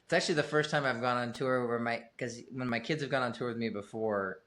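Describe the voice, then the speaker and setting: A man's voice: mid-range voice, quick pace, fairly bright tone. A middle-aged man talking as a guest on a podcast, rambling and self-deprecating, swearing casually. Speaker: guest musician.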